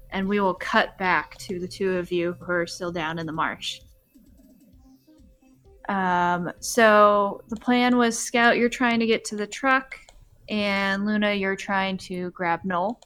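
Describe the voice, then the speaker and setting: A woman narrating a tabletop role-playing game as game master, relaxed with frequent filler pauses. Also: medium pitch, clear, resonant tone. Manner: relaxed, many ums.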